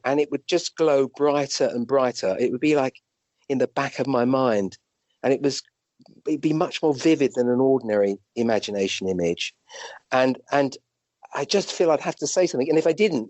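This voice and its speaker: Animated British doctor telling stories. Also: male voice, medium pitch, dry recording. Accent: British English. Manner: animated, rambling anecdotes with restarts and acted-out quotes. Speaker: guest, physician and medium. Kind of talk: conversational storytelling.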